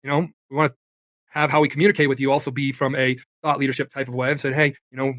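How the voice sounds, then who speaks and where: A man's voice: medium pitch, level tone, very fast, a bit bright, no room sound. A man speaking as a company executive on a live talk stream, rambling with restarts and asides. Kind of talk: casual talk-show chat.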